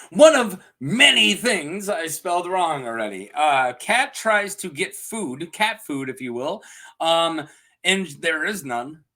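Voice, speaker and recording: With a bright, forceful voice that's a little high, a male TV show reviewer recaps an episode from a script in a casual way. He giggles and jokes a lot, with plenty of ums and side remarks.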